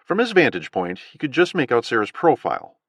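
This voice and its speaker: A man narrating an audiobook thriller with an expressive, dramatic reading. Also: medium pitch, fairly quick, husky, no room sound, clean studio sound. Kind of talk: scripted narration.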